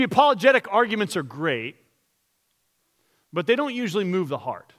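A man's voice: high voice, a bit bright. A man pastor preaching a sermon, earnest and direct, asking the congregation rhetorical questions and reading scripture aloud.

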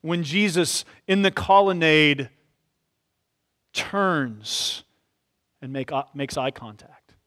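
A man preaching an expository sermon in a church. He talks reflectively and often softens his points with "sort of.". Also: on the high side, slow, long pauses. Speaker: pastor.

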